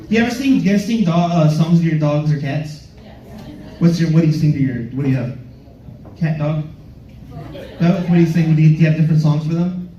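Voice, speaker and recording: Young male stand-up, playful and self-mocking, high-pitched, echoey live-room mic with faint club ambience. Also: fairly quick, pauses often, dark tone, a faint crowd, a little hiss or hum. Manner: playful, self-mocking, slips into goofy voices. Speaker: stand-up comedian. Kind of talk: stand-up comedy set. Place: comedy club stage. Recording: roomy club sound from a distance.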